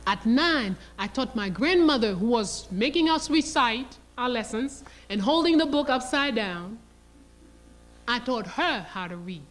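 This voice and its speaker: A woman's voice: on the high side, unhurried. Emphatic older woman lecturer. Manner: animated, emphatic, acts out quoted dialogue. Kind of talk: storytelling lecture.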